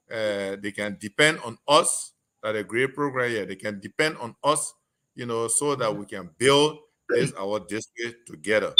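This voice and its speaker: A man's voice: medium pitch, expressive, a little slow, sharp tone. A man with a Liberian English accent, a politician guest telling stories on a radio talk show, quoting constituents.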